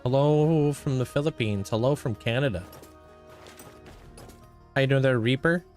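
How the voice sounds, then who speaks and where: A man's voice: mid-range voice, normal speed, darkish tone, faint music behind. A young man livestreaming a game, chatting casually and greeting viewers by name. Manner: laid-back, thanks and greets viewers by name. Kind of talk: casual chat with live viewers while playing.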